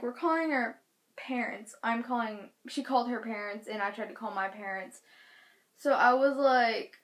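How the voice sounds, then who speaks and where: A teenage girl telling a storytime vlog, animated, acting out quotes with loud shouted bursts. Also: on the high side. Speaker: vlogger.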